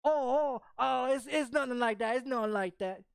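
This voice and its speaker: A man's voice: very high-pitched, animated, normal speed, darkish tone, smooth, no echo, studio quality. A man imitating a flustered stammering guy. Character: nervous young man caught with another's girlfriend.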